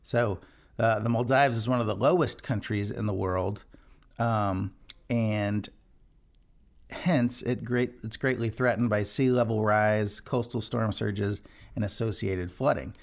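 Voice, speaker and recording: A man who leads worship hosts a devotional podcast in a fairly low, even voice with vocal fry and a measured pace. Earnest and conversational, he often breaks off and restarts sentences.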